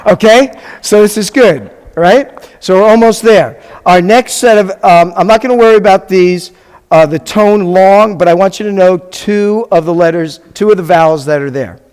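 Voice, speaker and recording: A rabbi teaches a live Hebrew class in a congregation classroom, drilling sounds with his students and tossing in joking asides. His voice is high-pitched, a little mellow and smooth, at a normal speed. The recording carries the long reverb of a hall.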